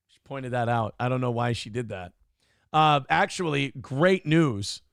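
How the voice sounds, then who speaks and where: A man co-hosts a morning show in loose, profane banter. His gravelly voice sits a bit high and swings widely as he riffs. The sound is close and dry. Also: unhurried, no echo. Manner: profane, joking, animated riffing. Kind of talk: casual comedic banter.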